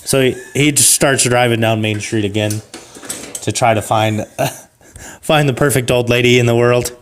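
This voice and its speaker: A man improvising a comic story on a podcast, rambling with fillers and restarts, and jumping to a shrill falsetto for old ladies. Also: fairly even intonation, normal speed, slight background noise. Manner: rambling, with fillers and self-corrections. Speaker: podcast co-host.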